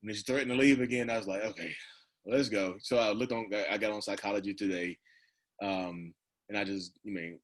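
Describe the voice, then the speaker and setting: A man's voice: lowish voice, steady tone, fairly quick. A man in his thirties talking casually as a podcast guest, rambling with lots of "like" and "you know" and laughing often. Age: 30s. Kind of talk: casual conversational storytelling.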